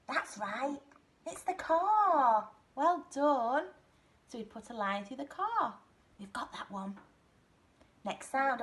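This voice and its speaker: A woman leading a nursery phonics lesson, her voice set fairly high and swooping widely up and down. She speaks slowly and gives each phrase an exaggerated sing-song lilt, the way one talks to very young children. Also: a bit bright. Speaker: nursery teacher.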